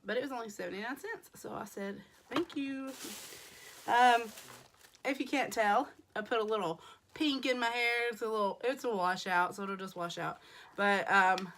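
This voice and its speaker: A woman with a hoarse voice, chatting casually through a makeup haul as a beauty vlogger, rambling with plenty of fillers. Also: mid-range voice, a bit bright, a little hiss or hum.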